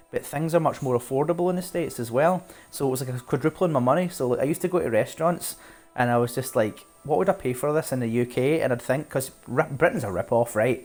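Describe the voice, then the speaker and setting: A man from Glasgow with a Scottish accent, chatting casually and warmly with viewers while he plays a game live. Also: mid-range voice. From Scotland, Glasgow. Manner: chatty, friendly, asks viewers questions, laughs often. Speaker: streamer.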